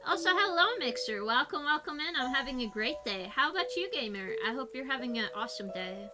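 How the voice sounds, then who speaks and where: Young woman streaming, chatty and giggly, kinda high voice, music clearly going in the back. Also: a little fast. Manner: animated, giggly, reacts to chat. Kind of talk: casual chat reading live chat. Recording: music playing behind.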